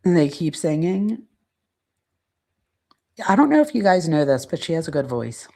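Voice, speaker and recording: Gravelly-voiced woman reading transcript quotes. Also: sits low, very animated, warm tone. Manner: reads quotes aloud, pausing to search her notes. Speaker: true crime channel host. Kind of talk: casual reading and commentary.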